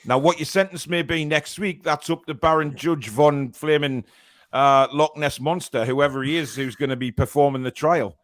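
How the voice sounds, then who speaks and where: A male host with a slightly high voice runs a casual live stream. He reads out viewer comments and scolds chatters in a jokey, mock-exasperated way. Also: normal speed. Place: home studio chair.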